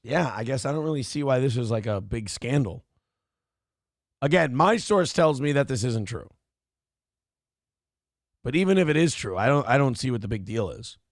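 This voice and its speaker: A man's voice: medium pitch, lively intonation, moderate pace, long pauses, no room sound, studio quality. A man hosting a late-night stream, a little drunk and tired, swearing freely and ranting when annoyed. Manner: swears a lot, grows irritated and rants. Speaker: streamer host. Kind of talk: profane casual stream chat.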